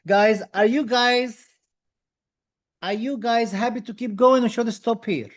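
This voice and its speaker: A high-pitched man with as a teaches a live online dental exam class. He talks with eager enthusiasm, repeating key phrases to encourage his students. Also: a little slow. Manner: enthusiastic, reads out viewer comments, repeats phrases.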